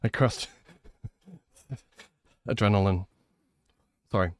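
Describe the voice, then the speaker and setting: A man's voice: on the low side, very slow. A young man chatting on a live stream, giggly and flustered, shaky with adrenaline, by turns bratty and pleading. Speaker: livestreamer. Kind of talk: casual live-stream chat.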